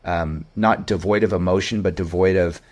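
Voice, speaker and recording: Low-voiced male composer, thoughtful and rambling, casual interview talk. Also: fairly even intonation, moderate pace. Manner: reflective, meandering with many restarts. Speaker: video game composer. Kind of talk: conversational interview.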